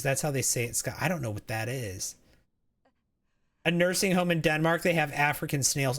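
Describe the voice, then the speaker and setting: A man's voice: a little high, unhurried, pauses often, fairly bright tone. A man streaming a game, chatting casually in a rambling way, reading chat aloud and often restarting his sentences.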